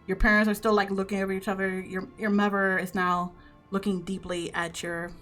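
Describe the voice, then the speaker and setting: A woman's voice: medium pitch, flat delivery, fairly quick, fairly bright tone, soft background music. A young woman game master narrating a tabletop game in a casual, filler-heavy way.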